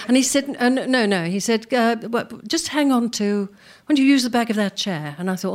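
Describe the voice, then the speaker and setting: An older woman telling career anecdotes to a live audience, animated, acting out what people said and laughing often. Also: mid-range voice, fairly quick, slight background noise. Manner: animated, acts out quoted speech, laughs often. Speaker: performer telling career stories.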